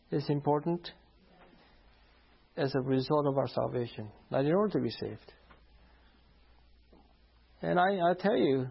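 A male pastor tells a story from his own ministry, laughing often and playing each voice in it. His voice sits a little high with a gravelly, husky edge. The recording is dull and lo-fi. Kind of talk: sermon storytelling. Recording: dull lo-fi sound.

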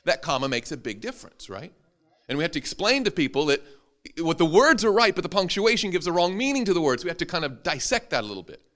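A man's voice: fairly high pitch, sing-song, fast talker, fairly bright tone. A man, a preacher, teaching an interactive Bible class to a live audience, joking and quizzing them as he goes.

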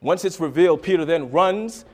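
Male preacher, high voice, dramatic swings from soft to loud, acts out voices, sermon. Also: moderate pace.

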